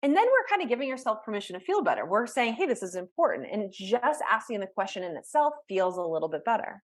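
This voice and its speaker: Animated woman coaching on a video call. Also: mid-range voice, fast. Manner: conversational, talks through examples with self-talk, frequent restarts. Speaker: life coach. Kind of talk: live online workshop teaching.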